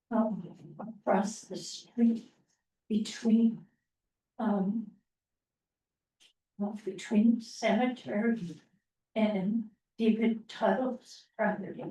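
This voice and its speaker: A woman presenting to a town planning meeting, speaking slowly with many pauses and ums. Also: on the high side, mellow, a little hiss or hum. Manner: slow, halting, many ums. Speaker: open space committee presenter. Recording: roomy, distant, muffled meeting audio.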